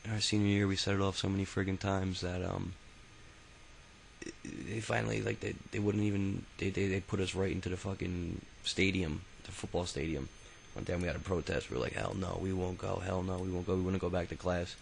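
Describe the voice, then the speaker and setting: Man, deep and gravelly, telling his memoir off the cuff: rambling, profane, full of ums and restarts. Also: fairly even intonation, fairly quick, slight background noise, rough recording. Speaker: autobiography narrator. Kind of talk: casual spoken memoir.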